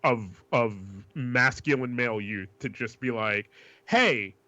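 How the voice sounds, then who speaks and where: Male co-host from New York, tense bright voice, slangy and emphatic, lo-fi dry sound. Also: mid-range voice, fairly even intonation, unhurried, no echo. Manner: emphatic, profane, riffs with slang. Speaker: podcast co-host. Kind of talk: casual chat. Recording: dry, dull lo-fi mic.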